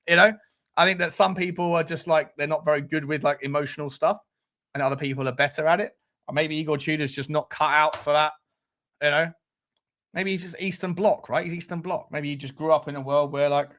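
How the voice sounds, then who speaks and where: A man's voice: on the high side, steady tone, brisk, fairly bright tone. A man hosting a live fan stream, who talks bluntly with crude jokes and reads out the chat. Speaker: fan show presenter.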